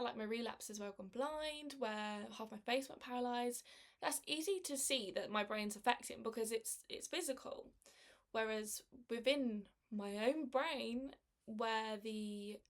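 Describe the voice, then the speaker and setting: Halting young woman, slightly high. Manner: halting and emotional, with frequent restarts. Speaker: person sharing her experience of living with MS. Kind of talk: candid personal testimony.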